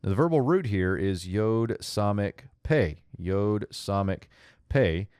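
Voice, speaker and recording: A man with a deep, low voice explains Biblical Hebrew grammar one piece at a time. He talks it through methodically, restarting phrases as he thinks aloud. The sound is dry, with no room echo. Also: expressive, takes it slowly, darkish tone, smooth. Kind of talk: explaining a verse's grammar step by step.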